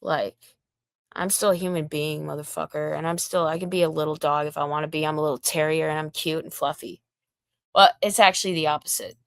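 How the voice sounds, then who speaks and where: A woman's voice: sits low, steady tone, brisk, no room sound, clean studio sound. A young woman delivering a profane, confrontational livestream rant aimed directly at one man.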